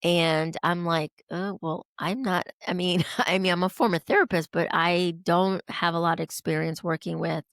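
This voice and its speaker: A woman with a somewhat low, gravelly voice tells an emotional personal story as a podcast guest. She acts out the lines she quotes with lively swings in tone, and the recording sounds close and dry. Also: moderate pace, hardly any pauses, dry recording. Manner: animated, acts out quoted dialogue.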